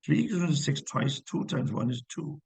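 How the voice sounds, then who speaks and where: A man's voice: fairly high pitch, expressive, moderate pace, creaky, a little mellow, husky, dry recording, poor audio. Upbeat male physics teacher, dry sound. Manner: encouraging, checks student work aloud, explains step by step. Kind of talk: live online class teaching.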